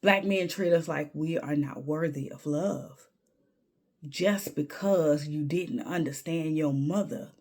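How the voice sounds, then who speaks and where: A woman with a low, husky voice and a gravelly edge tells a candid story straight to the camera. She talks with emphasis and stumbles over repeated words when she gets heated. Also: slow, a little mellow. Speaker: vlogger.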